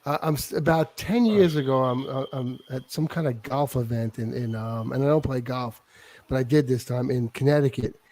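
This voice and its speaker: A man in his fifties telling a comic story as a talk-show guest, animated and profane, with stammering restarts. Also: medium pitch, moderate pace, dry recording. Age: 50s.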